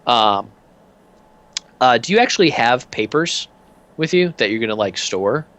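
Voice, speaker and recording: A man's voice: medium pitch, lively intonation, a little slow, a bit bright. A man narrating as game master in a tabletop game, in a loose, filler-heavy way.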